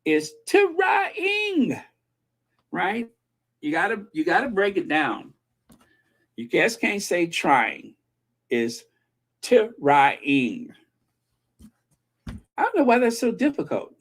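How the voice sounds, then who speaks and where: This is a casual vlog host who rambles in an unhurried way and lets the voice rise and fall a lot. The speaker is firmly opinionated and keeps humming bits of old television theme songs between remarks. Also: medium pitch, sing-song, fairly bright tone. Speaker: channel host. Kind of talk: casual chat.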